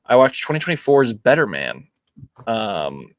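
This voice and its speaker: A man's voice: medium pitch, a little slow, no room sound. A young man hosting a movie podcast, chatting casually with lots of ums and likes. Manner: relaxed, filler-heavy, many ums and likes. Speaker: podcast host. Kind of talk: casual movie review chat.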